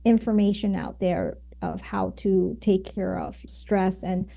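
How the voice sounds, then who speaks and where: A woman's voice: mid-range voice, measured pace, vocal fry, mellow. A woman guest on a podcast, explaining her ideas at length, with many fillers and "right?"s. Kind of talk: conversational interview.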